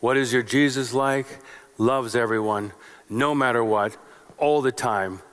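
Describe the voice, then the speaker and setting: This sermon comes from a male pastor whose mid-range voice is clear, resonant, a bit bright, and unhurried. He preaches in brief, repeated phrases and asks rhetorical questions, with the sanctuary's long reverb around him.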